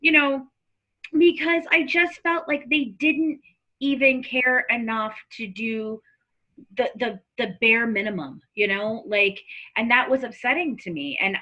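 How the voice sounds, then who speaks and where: Woman hosting a true crime show, super bright tone, kinda high, tells stories with lots of voices. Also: poor audio. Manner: animated, personal storytelling, acting out other people's voices. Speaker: podcast host. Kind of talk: true crime podcast chat.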